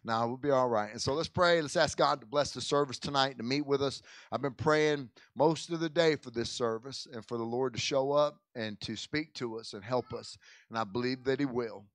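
A man's voice: medium pitch, moderate pace, fairly bright tone, no echo. A man, a pastor, speaking casually to his congregation in a church service, stumbling over and repeating words as he talks and prays. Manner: folksy, repeats and restarts words often, says "man" and "amen". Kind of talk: informal church service talk and prayer. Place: church sanctuary.

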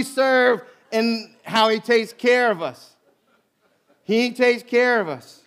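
A middle-aged man preaching a sermon, telling a story with lively acted-out voices. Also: extremely high pitch, takes it slowly, clean tone. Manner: storytelling, animated, acts out quoted voices. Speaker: pastor.

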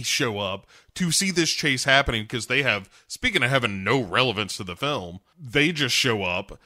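A man's voice: mid-range voice, sharp tone, no echo. A man co-hosting a podcast, walking through a movie's plot in casual chat, dry and mocking. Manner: wry storyteller, quoting the cat in mock voices. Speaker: podcast co-host.

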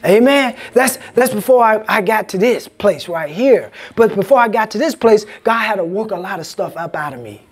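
Male pastor, preaching in a church, pitch rising and falling widely, call-and-response delivery. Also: expressive, normal speed, few pauses, husky. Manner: call-and-response, asks congregation "Amen?". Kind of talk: sermon. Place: church sanctuary.

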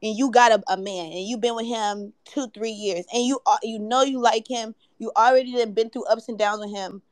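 A woman's voice: on the high side, fairly even intonation, brisk, no echo. A young woman giving blunt advice in casual chat. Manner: blunt, advising.

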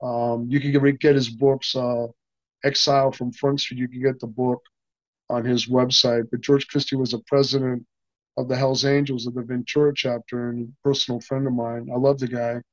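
A man's voice: medium pitch, flat delivery, normal speed, no echo. An older man, an interview guest, rambling through a story with many restarts and acting out what people said. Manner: rambling, many restarts, acts out quoted dialogue. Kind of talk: casual anecdotal storytelling. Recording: dull, dry sound.

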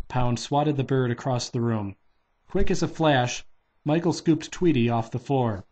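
A man's voice: mid-range voice, unhurried, darkish tone, dull audio. A man casually reading a children's novelization aloud, barely changing his voice for the characters.

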